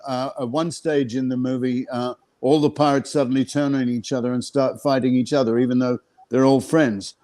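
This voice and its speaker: A man's voice: medium pitch, darkish tone. A man from Australia, a guest actor telling anecdotes on a video call, with frequent laughs and fillers. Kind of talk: casual storytelling on a video call.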